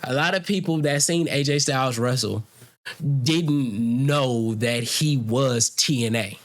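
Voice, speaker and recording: In a heated, casual podcast argument, a male co-host with a medium-pitched voice talks a little slowly. He's emphatic and combative, swearing and talking over everyone else.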